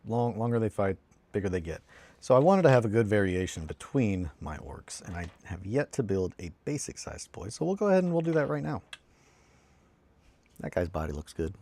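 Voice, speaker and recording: A man's voice: fairly low pitch, big pitch swings, a little fast, warm tone. A man chatting casually while building models on a hobby stream, rambling, swearing freely and cutting himself off mid-sentence. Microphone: close desk mic.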